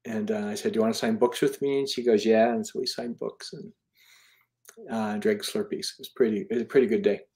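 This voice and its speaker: A man's voice: on the low side, fairly even intonation, fairly quick, darkish tone. A man in his fifties, an author and charity founder, telling stories in a casual interview in an earnest, rambling way. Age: 50s. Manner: earnest, rambling with restarts and fillers.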